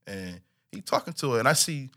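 A young man casually telling a story in an animated, slangy way, full of restarts and repeats. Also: medium pitch, fairly quick.

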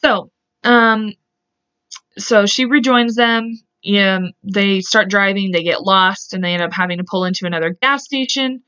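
A woman's voice: medium pitch, normal speed, sharp tone, clear, resonant tone. Casting note: woman podcast host, loose true-crime storytelling, swears, self-corrects, muffled lo-fi sound. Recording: dull lo-fi podcast audio.

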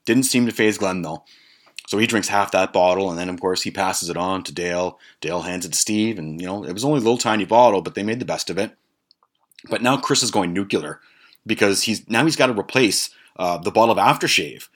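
A man's voice: low voice, fairly quick, fairly bright tone. Rambling, foul-mouthed man telling a story. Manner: rambling, profane, amused. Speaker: podcast host. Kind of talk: casual storytelling.

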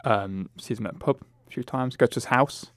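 A man co-hosting a casual film review podcast, talking in a relaxed, rambling way. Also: mid-range voice, fairly quick, no echo, studio quality. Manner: relaxed, rambling, many fillers. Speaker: podcast co-host.

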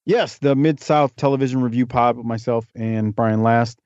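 A man chats as a guest on a podcast, rolling from one story to the next with jokey asides. His voice sits at an ordinary pitch. The audio is dry and slightly dull, like lo-fi podcast sound. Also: fairly even intonation, normal speed, darkish tone, no room sound. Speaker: podcast guest, wrestling historian. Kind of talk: casual interview chat.

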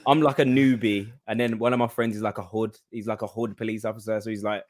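A man's voice: fairly low pitch, level tone, fast talker, no room sound, studio quality. A British man in his thirties, a guest chatting and agreeing eagerly about his comedy series. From United Kingdom. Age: 30s. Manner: eager, agreeable, repeats short phrases. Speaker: guest, show creator. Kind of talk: casual interview chat.

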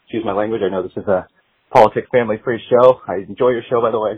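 Male caller, slightly winded, excited rambling fan, husky voice over a phone line. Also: fairly low pitch, very fast. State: a little out of breath.

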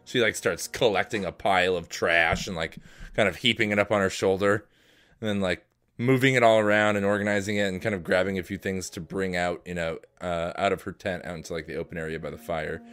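A man's voice: low voice, steady tone, a little fast, fairly bright tone. A man running a tabletop game as game master, narrating loosely with lots of fillers.

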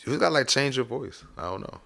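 A man's voice: mid-range voice, lively intonation, fast, gravelly, sharp tone. A man co-hosting a casual podcast, laid-back and joking. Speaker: podcast co-host.

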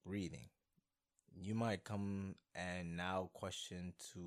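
A young man hosting his own podcast, talking casually and rambling excitedly, with many fillers and restarts. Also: deep voice, takes it slowly. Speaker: podcast host. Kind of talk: casual solo podcast talk.

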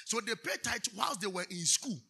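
A man's voice: sits high, expressive, normal speed, vocal fry, bright, forceful tone, husky, soft background music. A Ghanaian man preaching a sermon, preaching emphatically, drawing answers from the congregation with questions and switching between English and Twi. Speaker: pastor.

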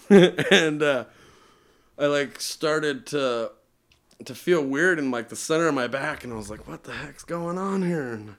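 A man sits in as a podcast guest and tells a long personal story casually, his voice pitched a little high for a man. He is animated, laughs often, and fills his talk with "like". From Utah.

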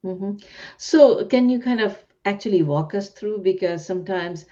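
A woman's voice: medium pitch, normal speed, dark tone. A woman hosting an interview, asking curious questions and paraphrasing her guest. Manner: curious, asks and paraphrases, laughs along. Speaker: interviewer host. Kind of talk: conversational interview. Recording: dull lo-fi sound.

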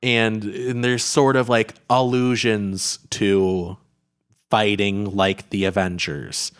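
A man's voice: fairly low pitch, level tone, takes it slowly, clear, resonant tone. A man in casual conversation, talking about a film with lots of fillers and restarts. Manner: rambling, heavy on filler words and restarts. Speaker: podcast co-host reviewing a film.

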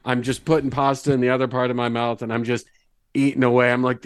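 A man playing a tabletop game, describing his character's actions in a chatty, animated way. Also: mid-range voice, fast, smooth, no echo, studio quality. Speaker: player.

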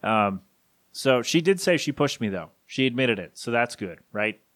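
A man, in his thirties, hosting a solo podcast and speaking haltingly with grief, his voice catching as he rambles through a tribute. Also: mid-range voice, expressive, fairly bright tone, dry recording, clean studio sound. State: grieving, voice catching. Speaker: podcast host.

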